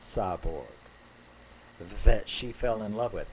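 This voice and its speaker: Slow, low-voiced man recapping a film. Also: lively intonation, a little mellow, slight background noise, poor audio. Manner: rambling with many fillers, swears and laughs. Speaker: movie reviewer. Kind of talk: casual spoken film recap.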